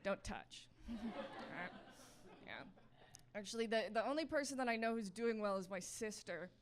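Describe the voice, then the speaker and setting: A woman's voice: medium pitch, expressive, moderate pace, noisy background. A young woman performing a stand-up comedy set on stage, wry and chatty, acting out bits of dialogue. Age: young adult. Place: comedy stage with live audience.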